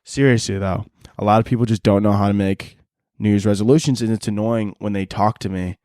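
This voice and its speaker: A man hosting a casual solo podcast, ranting in a sarcastic, profane, mocking way with quick asides. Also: fairly low pitch, fairly even intonation, darkish tone, no echo, studio quality. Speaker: podcast host.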